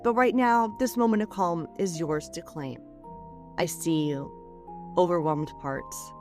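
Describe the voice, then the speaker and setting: Music sits in the background as a woman podcast host, her voice on the low side, reads a reflective scripted letter unhurriedly. She sounds soothing and expressive, shifting between raised phrases and quiet falls.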